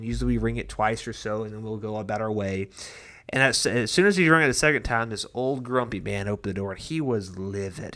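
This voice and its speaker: Earnest pastor, conversational. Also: male voice, medium pitch, a bit bright. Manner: earnest, conversational, with frequent restarts and anecdotes. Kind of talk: devotional Bible talk.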